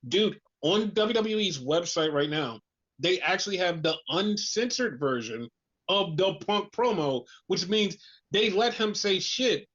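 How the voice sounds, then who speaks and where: Man, high voice, excitable podcast co-host, swears, muffled lo-fi sound. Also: a little slow. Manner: animated, swearing, acts out quotes. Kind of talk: casual wrestling chat. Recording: dull lo-fi podcast audio.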